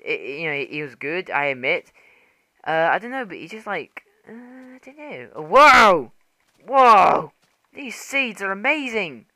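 Excitable rambling young man gamer. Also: fairly high pitch, no room sound. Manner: rambling, excitable, swears and laughs often. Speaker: gaming channel host. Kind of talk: casual gameplay commentary.

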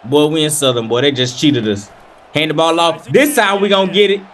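A young man giving casual play-by-play commentary while playing a football video game, animated, hyped and trash-talking. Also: on the high side, fairly quick, a little hiss or hum. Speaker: gaming video creator.

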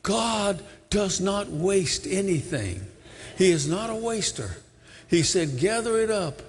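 A man preaching a sermon in a church, telling Bible stories and acting out the crowd's voices, sometimes rising to near shouts. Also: sits high, big pitch swings, takes it slowly, big-room sound, slight background noise. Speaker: guest preacher. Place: church sanctuary.

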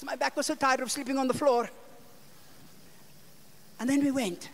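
An older woman with a South African accent, an evangelist telling a story in a sermon and acting out the dialogue with sudden loud and soft turns. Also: sits high, steady tone, moderate pace. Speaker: evangelist preacher. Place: church conference hall.

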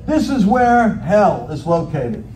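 A man giving an animated, jokey sermon as a guest preacher, acting out quoted voices. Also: high voice, slow pace, a crowd in the background. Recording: echoey hall from far off, faint noise.

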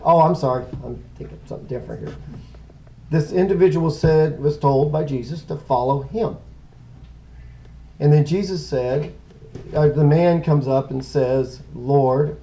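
A man's voice: on the high side, dark tone, a little hiss or hum, poor audio. A middle-aged man teaching a casual Bible lesson, rambling and conversational, often stopping to correct himself.

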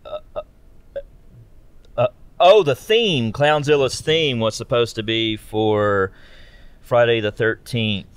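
A man's voice: mid-range voice, slow, pauses often, smooth, no room sound. A man co-hosting a casual podcast chat, joking around and often trailing off into hesitant restarts. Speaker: podcast co-host.

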